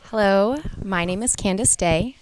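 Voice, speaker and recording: A woman's voice: medium pitch, measured pace, slight background noise. A young adult woman engineer introducing herself at an event, earnest and encouraging. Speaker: engineer mentor.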